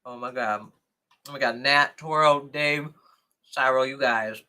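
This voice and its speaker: A young adult man hosting a casual livestream, chatting excitedly and thanking viewers as he reads comments. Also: mid-range voice, measured pace, clear, resonant tone. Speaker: livestream host.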